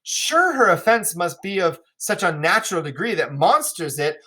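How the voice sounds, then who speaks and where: Noble young king read by a teacher, earnest and measured, bright tone. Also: sits high, big pitch swings, voice pushed up, exaggerated voice. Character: noble young male king, astonished suitor. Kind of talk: classroom read-aloud.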